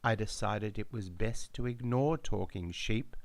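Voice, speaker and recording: Man, author-narrator, measured dramatic delivery, low register. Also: creaky, no room sound. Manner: slow, measured, darkly dramatic reading. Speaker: author reading his memoir. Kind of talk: audiobook narration.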